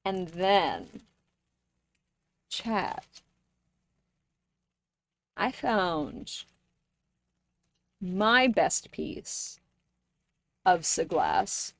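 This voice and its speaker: A young woman streamer chatting casually with her viewers, playful and joking, with sudden loud bursts. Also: lowish voice, wildly swooping pitch, drawn-out words, vocal fry, long pauses, no echo. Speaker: live streamer.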